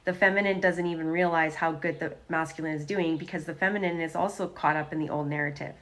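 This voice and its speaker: Casting: woman, lowish voice, chatty livestream tarot reader who repeats herself, phone or webcam mic. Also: fairly even intonation, fast talker, a bit bright. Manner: chatty, repetitive, talks to the camera.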